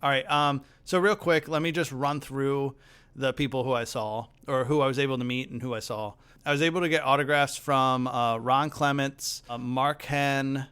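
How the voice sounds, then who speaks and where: Brief: young male podcast host, smooth and clear, lively storyteller who acts out quotes. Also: mid-range voice. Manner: lively, acts out other people's lines in his stories. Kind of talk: casual storytelling chat.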